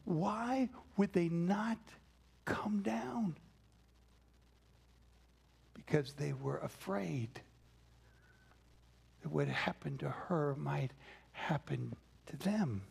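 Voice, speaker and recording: A man's voice: on the high side, creaky, a little mellow, husky. A man preaching a sermon, telling stories and dropping to a whisper for emphasis. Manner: dramatic, drops to a whisper for emphasis. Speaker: pastor.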